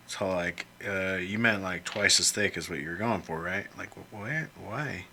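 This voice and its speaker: A deep, creaky male voice, pushed and bright, moves at a normal speed with few pauses, and a slight hiss or hum runs underneath. While drawing characters on his computer, the illustrator rambles and jokes to himself in casual commentary, with the occasional mild swear.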